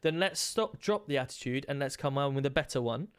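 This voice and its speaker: A man's voice: medium pitch, expressive, fairly quick, clean tone, natural voice. A man with a British accent playing a firm, lecturing police chief in a role-play game.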